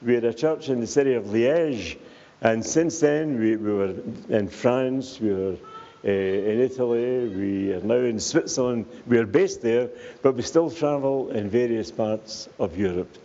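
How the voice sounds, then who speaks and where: A man's voice: medium pitch, unhurried, mellow. An older man, a visiting evangelist, greeting a church congregation with jokes and tagging his remarks with "eh?". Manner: jokey, tags remarks with "eh?". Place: church hall. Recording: echoey hall, muffled sound, faint background noise.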